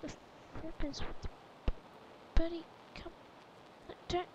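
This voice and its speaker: High-voiced excitable woman. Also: slow pace, background noise. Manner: excitable, chattering to herself with sudden exclamations. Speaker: let's play gamer. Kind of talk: gameplay commentary.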